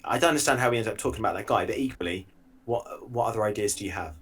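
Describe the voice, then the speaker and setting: A man's voice: fairly low pitch, rapid-fire, fairly bright tone, a little hiss or hum. A man in his thirties co-hosting a podcast in casual chat, telling stories with dry asides and frequent restarts. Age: 30s. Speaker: podcast co-host.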